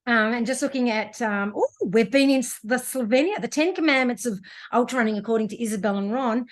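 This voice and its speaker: A woman co-hosting a running podcast in casual chat, talking in an animated way and laughing often. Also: fairly high pitch, brisk. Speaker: podcast co-host, running coach.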